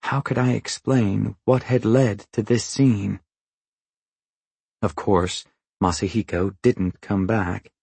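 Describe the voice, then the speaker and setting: A man reading a novel aloud as narrator, in a measured, even storytelling manner. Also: lowish voice, vocal fry, slightly rough, dry recording. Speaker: audiobook narrator. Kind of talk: scripted narration.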